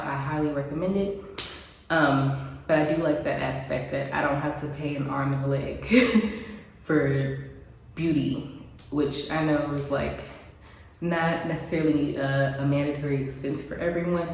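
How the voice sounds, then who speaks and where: A woman's voice: deep voice, darkish tone. Congested chatty woman in an echoey room. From United States. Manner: chatty, frequent ums and likes, laughs often. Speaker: expat vlogger. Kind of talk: casual talk to camera. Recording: very echoey room, faint background noise.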